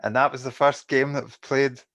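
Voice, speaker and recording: A man co-hosting a gaming podcast in a loose, rambling way. He laughs easily and keeps the chat casual, with a pitch sitting in the ordinary middle range. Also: steady tone, normal speed, fairly bright tone. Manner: laughs often, chatty and rambling. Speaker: podcast co-host.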